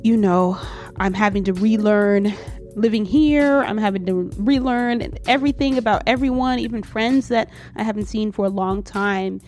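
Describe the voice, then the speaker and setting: A woman's voice: medium pitch, moderate pace, faint music behind. Supportive woman hosting a remote chat. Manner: warm, supportive, reassuring. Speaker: host. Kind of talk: casual interview chat. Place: home in a city, remote call.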